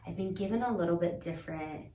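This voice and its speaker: A woman's voice: on the low side, quick pace, dark tone. A woman as a podcast guest, telling her story in an earnest, searching way and thinking aloud. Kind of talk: reflective conversational storytelling. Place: indoor room shared with the host. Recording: roomy echo, distant mic, faint noise.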